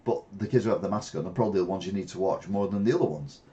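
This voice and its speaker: Older man, low mellow voice. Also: very fast, lo-fi sound. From England. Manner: chatty, rambling, with wry asides. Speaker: channel host. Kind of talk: casual news commentary.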